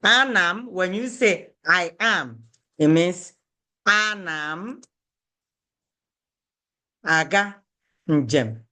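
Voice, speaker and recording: Slow, patient Igbo language teacher. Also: mid-range voice, animated, bright, forceful tone. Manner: patient, repeats each phrase, checks in with "okay?". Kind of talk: language lesson, explaining and repeating phrases.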